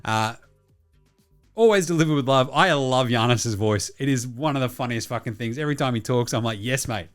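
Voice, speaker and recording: A man's voice: mid-range voice, quick pace, hardly any pauses, faint music behind. An Australian man hosting a solo sports talk show, bluntly rambling and swearing constantly as he reads out listener messages. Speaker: podcast host.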